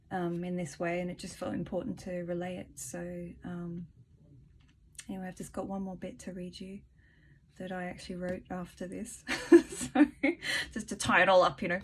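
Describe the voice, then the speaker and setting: A woman talking casually in a spiritual vlog, soft-spoken and rambling, laughing often and reading a short piece aloud. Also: medium pitch, slight background noise. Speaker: spiritual vlogger.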